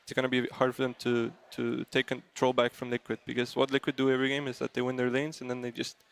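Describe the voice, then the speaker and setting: A man with a mid-pitched voice weighs in on a panel, thinking aloud. He pauses often and builds his point slowly. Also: completely flat delivery, vocal fry. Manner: thoughtful, hesitant, many uh fillers. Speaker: panel analyst. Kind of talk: panel discussion.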